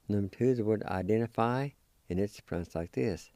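Middle-aged guy teaching words real slow, gravelly and low, dark mellow tone, dry close mic. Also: no room sound. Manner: deliberate, spells out letters one by one. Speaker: radio language teacher. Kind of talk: slow spelling and pronunciation lesson.

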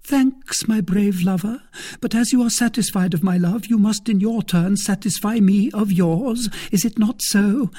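A man voicing a scheming young noblewoman in an audiobook, with high, sharp, demanding questions. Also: measured pace. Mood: ardent. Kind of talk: audiobook character voice.

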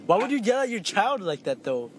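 A man's voice: high-pitched, very animated, fairly quick, slight background noise. A young man co-hosting a casual podcast, joking and interjecting often. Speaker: podcast co-host.

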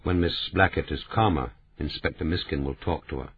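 A man reading a calm, grave police commander. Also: extremely low pitch, fairly quick, husky, no echo, exaggerated voice. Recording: tinny phone-like sound.

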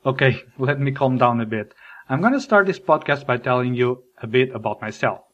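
A man's voice: medium pitch, fairly quick, lo-fi sound. A man from Portugal, a podcast host, performing a scripted comedic monologue with jokey storytelling. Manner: animated, jokey storytelling with mock voices.

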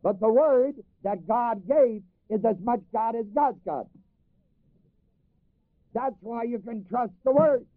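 A man's voice: extremely high pitch, takes it slowly, long pauses, no echo. A man preaching a sermon, reading scripture in old-fashioned wording, repeating phrases for emphasis and having the congregation finish his lines. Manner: reads scripture in old King James wording, then explains it to the congregation. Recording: dry, phone-like recording.

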